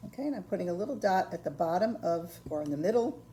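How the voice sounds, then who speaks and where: An older woman giving a patient, step-by-step ceramics painting lesson, filling pauses with ums and okays. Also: lowish voice, animated, dark tone, slight background noise. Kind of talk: step-by-step craft tutorial.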